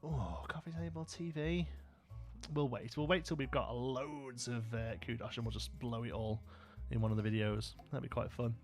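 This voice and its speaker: Male streamer, casual rambling commentary while playing, mid-pitched voice. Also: fairly even intonation, normal speed, soft background music. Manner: chatty and rambling, chats with viewers. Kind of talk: live gameplay commentary.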